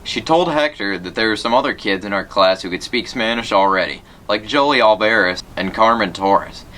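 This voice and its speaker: Bright-voiced man reading a children's book. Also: on the low side, moderate pace, a little hiss or hum. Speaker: reader. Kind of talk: reading a children's novel aloud.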